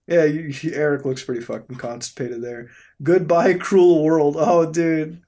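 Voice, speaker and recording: In an unhurried delivery with a dark tone, a man hosts a laid-back commentary as he browses sites. He rambles, swears freely, and keeps breaking into high-pitched laughter.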